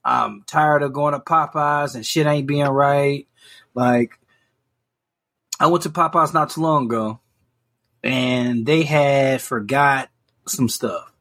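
A man's voice: medium pitch, slow, pauses often, a bit bright. A man co-hosting a podcast, telling stories in casual chat with lots of profanity and mimicry of people he met. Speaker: podcast co-host.

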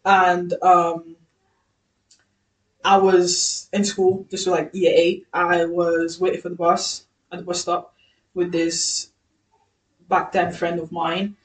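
A woman's voice: on the low side, level tone, takes it slowly, long pauses, recorded from a distance. Young female podcast co-host, candid, chatty, echoey room mic. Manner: candid, laughs often, slips into her friends' voices when quoting. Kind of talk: casual storytelling chat. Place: room with ring light, podcast set.

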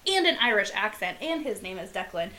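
Bright-voiced gushing woman podcaster. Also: mid-range voice, big pitch swings, slight background noise, poor audio. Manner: gushing, reads blurbs aloud with dramatic pauses. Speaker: podcast co-host. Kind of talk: casual chat.

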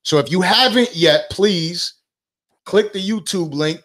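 Young male host, slightly high voice, brash and profane, casual banter. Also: slow. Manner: loud, profane, joking. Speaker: podcast host. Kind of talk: casual chat.

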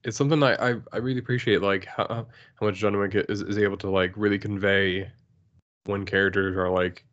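A man's voice: fairly low pitch, fairly even intonation, brisk, a bit bright, lo-fi sound. A man chatting as a podcast co-host, hesitant and searching for words with many fillers. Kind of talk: casual comic book discussion.

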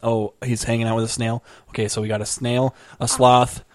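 A man co-hosting a comedy podcast, leading an improv scene and quick to laugh. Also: medium pitch, little pitch movement, no echo.

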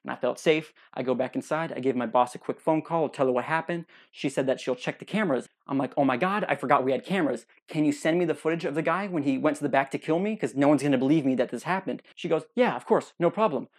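Fast-talking young man telling a story. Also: on the high side. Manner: animated, acts out other people's lines. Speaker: podcast host. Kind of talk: comedic personal storytelling.

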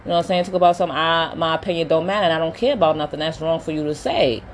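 A chatty woman with a slightly low voice, giving her frank opinions as she recaps a reality show episode. She talks casually, scattering um and you know through her sentences. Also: very fast, a little hiss or hum. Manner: chatty, opinionated, animated retelling with quoted voices; many fillers like um and you know. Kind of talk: casual chat.

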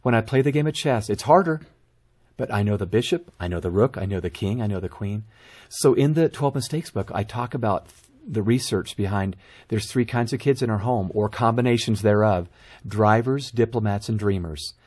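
A middle-aged man, a guest author on a talk show, telling parenting stories in a casual, animated way. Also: lowish voice, moderate pace, slightly rough. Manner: storytelling, animated anecdotes.

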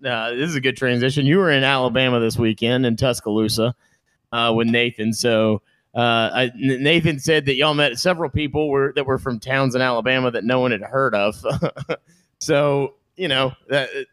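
A man's voice: medium pitch, steady tone, moderate pace, a bit bright, smooth, no room sound. A man co-hosting a sports podcast, folksy and joking. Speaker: podcast co-host. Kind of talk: casual sports chat.

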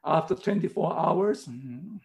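A man's voice: a little high, animated, unhurried, gravelly. A middle-aged man preaching a sermon in earnest, emphatic, simple English, repeating his key words. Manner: non-native English, simple phrasing.

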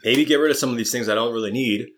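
A man's voice: mid-range voice, racing, fairly bright tone, a little hiss or hum. A man chatting casually and upbeat, rambling and correcting himself as he talks through his affirmations and plans. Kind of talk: casual chat with spoken affirmations.

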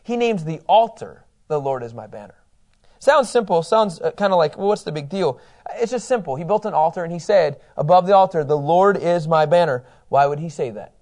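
Animated man teaching a Bible class. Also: fairly high pitch, a little fast. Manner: animated, asks the class questions and reads scripture aloud.

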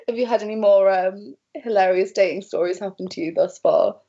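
A young woman in casual podcast chat, animated and giggly, filling her talk with "like". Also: mid-range voice, normal speed, creaky, breathy edge, lo-fi sound. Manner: giggly, animated, says like a lot. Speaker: podcast co-host.

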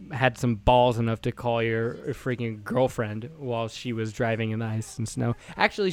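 A young adult man co-hosts a casual podcast chat, teasing his friend, laughing often, and putting on mock voices for jokes. His voice is mid-range and smooth.

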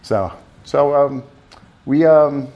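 A man telling a long story in an interview, rambling and animated with many restarts. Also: medium pitch, takes it slowly, muffled recording. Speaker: festival volunteer driver.

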